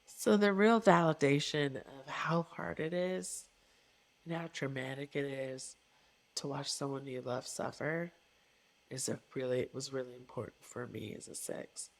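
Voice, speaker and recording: A woman's voice: rumbling low, measured pace, vocal fry. A middle-aged woman, a coach, speaking as a guest in an interview with an earnest, emphatic manner and repeated phrases for stress. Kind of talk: reflective interview conversation.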